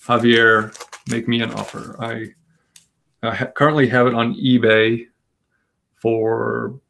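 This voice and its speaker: A man's voice: mid-range voice, vocal fry, fairly bright tone. A man hosting a casual live comic book auction, rambling and self-deprecating, joking as he goes. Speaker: comic shop auction host.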